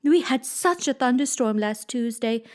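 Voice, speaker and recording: Lady doing a fretful mixed-up queen, slow and nervous, kinda high. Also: expressive, natural voice. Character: feeble fretful muddled adult queen.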